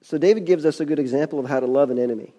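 A man's voice: on the high side, rapid-fire, mellow. A man preaching a sermon, reading scripture and adding folksy, conversational asides.

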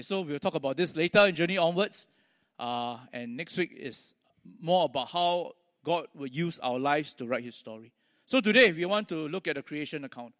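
A male pastor preaching, telling stories with pauses and small restarts. His voice sits high for a man, and a long church-hall reverb trails each phrase. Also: a bit bright. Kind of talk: sermon.

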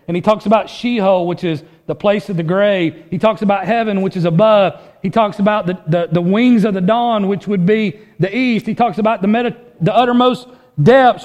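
Here a pastor with a high voice preaches in earnest. His delivery alternates between booming emphasis and quiet passages, and he tends to repeat words when starting over.

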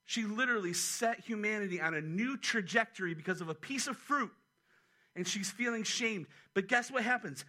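Animated high-voiced man preaching. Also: normal speed. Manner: animated, conversational preaching with asides. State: a little out of breath. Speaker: pastor. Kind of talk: sermon.

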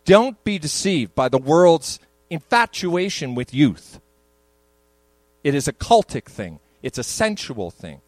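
A man's voice: a little high, big pitch swings, slow, no room sound, poor audio. Older man preaching a conversational sermon. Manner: conversational preaching that swells to emphatic peaks. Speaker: pastor. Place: church sanctuary.

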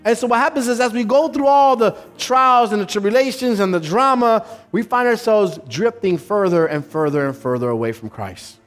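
A pastor delivers a sermon to his congregation in a fairly high, lively voice. He restarts phrases as he builds his point, and soft music plays faintly behind him. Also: normal speed, few pauses. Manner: animated storytelling with frequent restarts. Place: church service.

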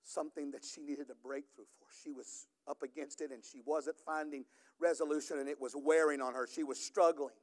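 Middle-aged man, pastor, high-pitched, preaches with rising, emphatic intensity. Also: steady tone, a little fast. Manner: builds from quiet storytelling to loud, emphatic preaching. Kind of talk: sermon.

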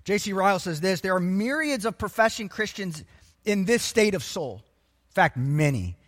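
Male preacher, sermon, emphatic, high voice, swooping delivery. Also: moderate pace, big-room sound. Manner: animated and emphatic, acts out voices of people.

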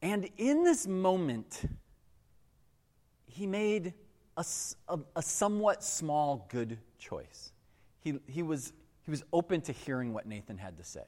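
A man's voice: on the high side, sing-song, measured pace, a little mellow. A man preaching a sermon, retelling a story in a casual, conversational way and slipping into quoted voices. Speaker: pastor. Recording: echoey hall with long reverb.

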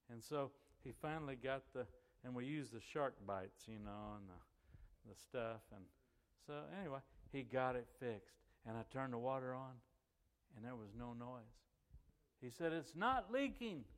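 A middle-aged man spins a folksy, chatty anecdote and slips into the voices of the people he quotes. His voice sits at an ordinary pitch and carries a long reverb, as if he is speaking in a big hall. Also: clean tone. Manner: chatty and animated, acts out quoted voices and laughs as he goes. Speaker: church member telling a story.

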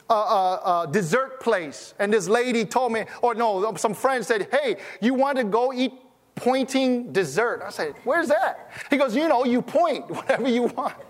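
A man's voice: very high voice, big-room sound. A man preaching as a pastor, telling stories in a conversational way and often restarting his sentences. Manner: conversational, storytelling, stammering restarts. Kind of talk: sermon.

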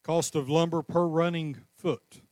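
A man preaching a sermon, crying out passionately at times and easing into a calm teaching tone at others. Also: a little high, unhurried, dry recording, studio quality. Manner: impassioned preaching, rising to cries then dropping to a calm teaching tone. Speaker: pastor.

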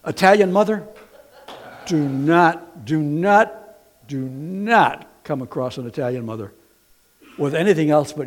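A middle-aged man preaching a sermon in an animated way, swinging from quiet to loud, telling stories with folksy, playful asides. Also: a little high, slow pace, long pauses. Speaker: pastor.

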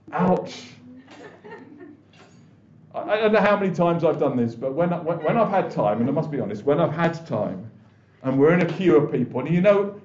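A man's voice: on the high side, darkish tone. A man preaching a conversational sermon as pastor, often restarting and acting out what people say. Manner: conversational, with many restarts and quoted voices. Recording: echoey, dull church recording.

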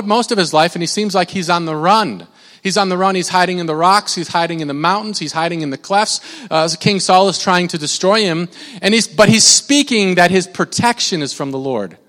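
A man's voice: high voice, moderate pace, a bit bright. A man preaching a sermon as a pastor, talking in a loose, conversational way with frequent restarts. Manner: conversational and rambling, with many restarts. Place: church sanctuary. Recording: long reverb of a large church hall.

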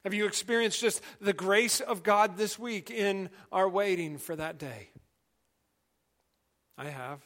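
A middle-aged male pastor preaching a sermon in an earnest, conversational way, dropping to quiet emphasis. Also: sits high, takes it slowly.

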